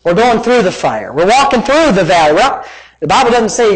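Pastor guy with a high voice preaching, super animated, jokey and casual. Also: fairly quick, breathy edge, rough recording. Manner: animated, conversational preaching with playful jabs. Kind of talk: sermon.

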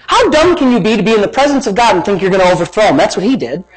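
A man pastor preaching a sermon in an animated, conversational way, full of playful jabs and exclamations. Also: high voice, racing, few pauses, poor audio.

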